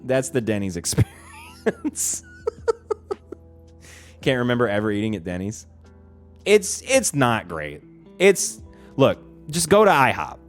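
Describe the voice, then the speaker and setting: A man's voice: mid-range voice, big pitch swings, unhurried, long pauses, soft background music. Rambling, profane male streamer. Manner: rambling and profane, heavy use of "like". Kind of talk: casual livestream chat.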